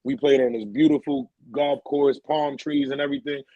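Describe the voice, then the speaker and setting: A male podcast co-host with a medium-pitched voice tells stories at a moderate pace, chatting casually in loose, slangy language with animated energy. The recording has its high frequencies cut off.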